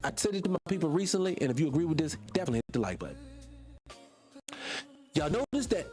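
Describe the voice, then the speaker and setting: A man's voice: sits high, a little mellow. A man hosting a casual commentary monologue, talking emphatically and firing rhetorical questions straight at his viewers. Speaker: channel host.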